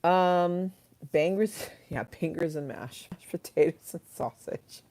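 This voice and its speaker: Hosting a relaxed livestream, a woman reads the chat and chats openly with viewers, cursing and laughing at her own anecdotes. Her voice sits low with a dark tone, animated but unhurried.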